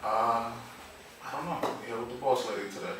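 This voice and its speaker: A man's voice: mid-range voice, a little fast, a bit bright, a little hiss or hum. A man, a mentor and writer, joking dryly on a casual podcast. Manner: joking, wry asides. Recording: echoey room, far from mic.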